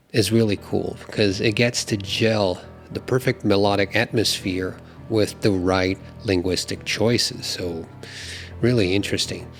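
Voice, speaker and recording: A man hosting his own music channel, talking in a relaxed, chatty way full of filler phrases as he walks through song lyrics. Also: fairly low pitch. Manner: relaxed, chatty, many you-knows. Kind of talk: casual talk on song lyrics.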